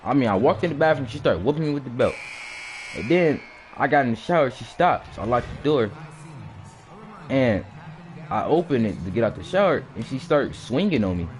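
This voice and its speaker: A man telling a personal story in a casual, animated way, often restarting his sentences and acting out the blows with sound words. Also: mid-range voice, fairly quick, soft background music.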